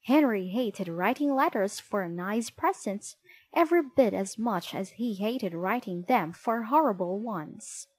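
A woman reading a children's storybook aloud in an expressive, clear way. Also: mid-range voice, unhurried. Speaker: storybook reader. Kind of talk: children's book read-aloud.

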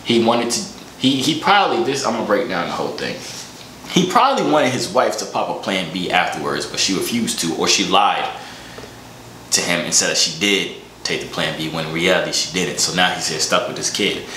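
A man's voice: low-pitched, lively intonation, brisk, pushed and bright. A young man hosting comedic reaction commentary, joking and wry while he eats. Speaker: host. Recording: roomy room echo, faint noise.

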